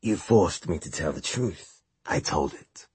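A man's voice: sits low, animated, unhurried, darkish tone, husky, dry recording, heavily acted. A man voicing a small, bloodthirsty blue demon that hisses threats and sulks, in an audiobook reading. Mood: bored, petulant. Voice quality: hissing, petulant.

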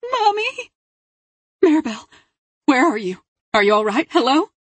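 A woman's voice: high-pitched, sing-song, unhurried, no room sound, pitched above the performer's own voice. A woman doing a frantic, pleading mother. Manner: pleading, urgent, raised. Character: frightened mother on the phone.

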